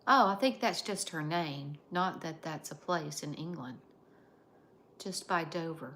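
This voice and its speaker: An American woman hosting a casual live stream, chatting and reading out viewer comments in an unhurried way. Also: fairly low pitch, a bit bright, a little hiss or hum. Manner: unhurried, chatty, drawn-out phrasing. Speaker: livestream host.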